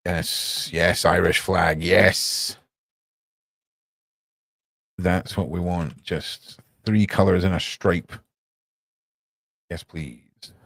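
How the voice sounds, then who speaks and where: Gravelly low-voiced man. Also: steady tone, drawn-out words, long pauses, a bit bright, no room sound. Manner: muttering to himself while working, playful asides. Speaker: live streamer. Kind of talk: casual live-stream chat.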